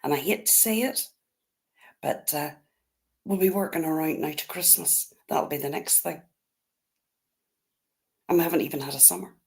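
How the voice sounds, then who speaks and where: A woman's voice: deep voice, normal speed, vocal fry, pauses often, a little mellow. A woman with a Northern Irish accent hosting a casual livestream, chatting and greeting her viewers one by one. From Northern Ireland. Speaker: livestream host.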